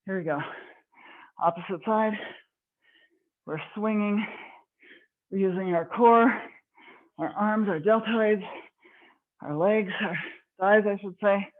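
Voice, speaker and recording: A woman's voice: mid-range voice, takes it slowly, pauses often. A woman fitness instructor leading a live online workout class, slightly out of breath, encouraging and counting reps. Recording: tinny phone-like online call audio.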